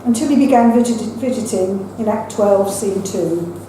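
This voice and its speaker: An older woman reading her own poems at an open mic in a measured, recited way, with brief chatty asides between them. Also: medium pitch, heavy background noise. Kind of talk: poetry reading. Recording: echoey room from far off with faint ambience.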